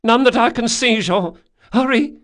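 A nervous young boy thief with a high, strained voice that jumps upward in pitch, as a man reads him. He speaks urgently and loudly, pleading with the others in an audiobook scene. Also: big pitch swings, normal speed.

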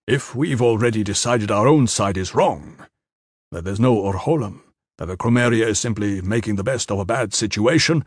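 A man voicing a weary, blunt commander of bodyguards who speaks solemnly and forcefully in an audiobook. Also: medium pitch, no echo, studio quality, close to an everyday voice.

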